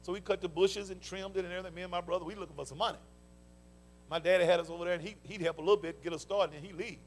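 An older pastor with a Southern US accent, preaching a fervent sermon with folksy stories and call-and-response interjections. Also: male voice, sits high, fairly even intonation, rapid-fire, slight background noise. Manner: folksy storytelling. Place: church sanctuary.

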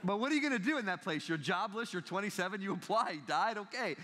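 Animated man speaking in a reverberant hall. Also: sits high, fast. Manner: animated storytelling with frequent laughter. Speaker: guest speaker. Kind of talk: humorous motivational talk. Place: large university lecture hall.

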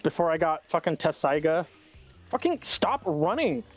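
A man playing a fighting game with a friend, swearing a lot and yelling in frustration. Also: on the high side, sing-song, normal speed, soft background music. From Latino. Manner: swears constantly, yells in frustration. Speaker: gaming YouTuber. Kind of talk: casual gameplay banter.

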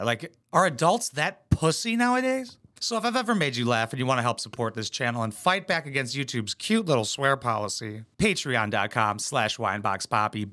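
A man's voice: mid-range voice, pushed and bright. A man hosting a reaction video, giving blunt, mocking commentary full of swearing. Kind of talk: profane sarcastic commentary.

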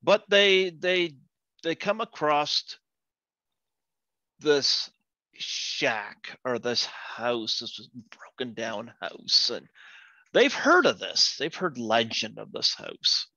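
A male podcast host in casual chat who tells jokes as an unhurried storyteller and laughs at his own jokes. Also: mid-range voice, big pitch swings, sharp tone, no echo, highs cut off.

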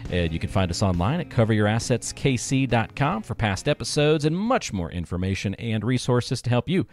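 A man co-hosting a casual finance podcast, joking and lively as he reads listener questions. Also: medium pitch, brisk, soft background music. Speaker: podcast co-host.

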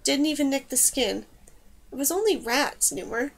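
A woman's voice: high voice, animated, normal speed, vocal fry. A woman voicing a bold young heroine with animal magic, commanding and raising her voice to give orders. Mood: reassuring.

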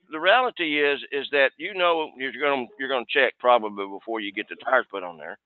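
A man's voice: medium pitch, fairly quick, hardly any pauses, no echo. A man coaching salespeople on a video call in a folksy way, often repeating "okay". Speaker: sales trainer. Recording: dry, tinny phone-like line.

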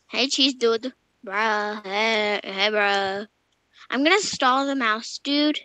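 A woman chatting casually while playing a game, excitable, squealing and giggly. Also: a little high, slow, dry recording. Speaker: gamer. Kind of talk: casual gameplay chat.

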